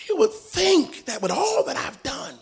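A man preaching a sermon in a church, animated and humorous, often acting out voices. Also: very high-pitched, measured pace, creaky. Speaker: pastor. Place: church sanctuary.

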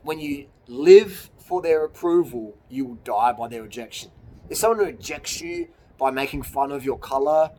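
A man's medium-pitched, dark-toned voice comes through animated at a normal pace. He's a YouTuber outdoors in the hills on a cold evening, ranting bluntly and ramblingly to motivate, cursing and cracking himself up with his jokes.

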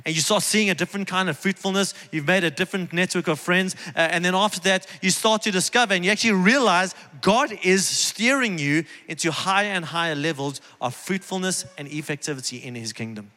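A man's voice: sits high, fairly quick, hardly any pauses, sharp tone. A man preaching a sermon from a church stage, earnest and conversational, driving points home with repetition. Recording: long reverb of a large hall.

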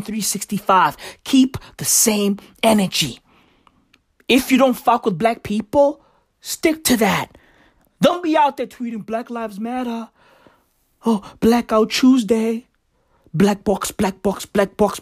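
A woman's voice: on the high side, dry recording, studio quality. A woman doing a profane, emphatic stand-up comedy rant that is full of slangy asides to the audience.

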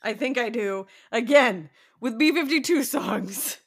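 A woman co-hosting a casual podcast chat about songs, playful and joking with quick asides. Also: fairly high pitch, expressive, creaky, husky. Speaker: podcast co-host.

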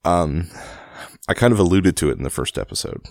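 Low gravelly guy rambling about a book in his basement, dry close sound. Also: sing-song, fairly quick, dry recording. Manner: rambling, self-deprecating, laughs often. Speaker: podcast host reading a book. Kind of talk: casual storybook reading and chat. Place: home basement at night.

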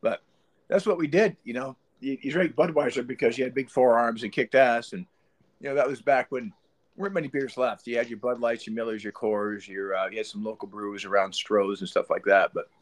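A man's voice: medium pitch, steady tone, fairly quick. A man co-hosting a podcast, joking and telling stories in casual chat. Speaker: podcast co-host.

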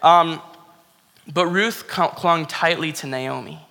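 Casual, earnest male preacher, slightly high and bright, conversational sermon delivery. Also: takes it slowly. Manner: casual, earnest, peppered with "like" and "you know". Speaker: pastor. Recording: long hall reverb.

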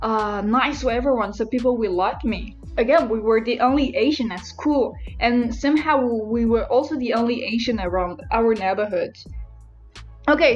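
A woman's voice: on the high side, highs cut off. Reflective young woman hosting a podcast. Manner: reflective, careful phrasing with self-corrections. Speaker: podcast host. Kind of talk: casual interview chat.

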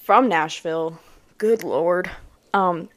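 A woman co-hosting a podcast in casual chat, talking in a chatty, animated way. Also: on the low side, takes it slowly. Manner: chatty, animated, tired after long workdays. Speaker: podcast co-host.

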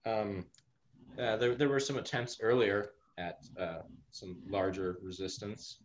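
A man voicing a worn-down male resistance fighter in a tabletop game, speaking haltingly with many pauses. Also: lowish voice, steady tone, lightly acted. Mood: weary. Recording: muffled call audio with faint noise.

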